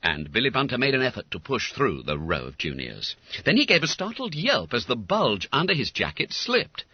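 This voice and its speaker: A man narrating an audiobook in a comic, animated storytelling manner, on a dull lo-fi recording. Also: mid-range voice, moderate pace, breathy edge, dry recording. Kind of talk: scripted narration.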